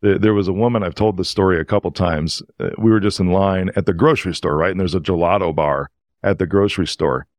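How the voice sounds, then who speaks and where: Low-voiced man telling a heartfelt story. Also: fast, no room sound, studio quality. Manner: animated, emotional storytelling. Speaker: podcast guest. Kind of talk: casual storytelling.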